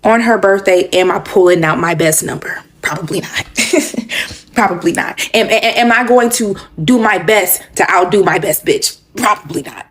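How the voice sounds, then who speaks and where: A woman in casual commentary, posing deliberate rhetorical questions and answering them herself. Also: mid-range voice.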